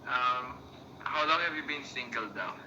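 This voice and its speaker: A man with a Filipino accent hosting a casual livestream, excitedly reading out viewer comments and greetings. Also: mid-range voice, moderate pace. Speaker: livestream host. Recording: echoey, muffled phone stream with faint noise.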